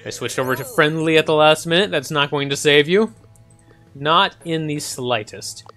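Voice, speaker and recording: A man's voice: a little high, moderate pace, pushed and bright, faint music behind. A man casually commenting on a strategy game as he plays, thinking aloud with frequent ums and small chuckles. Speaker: gaming channel host. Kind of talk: casual let's-play commentary.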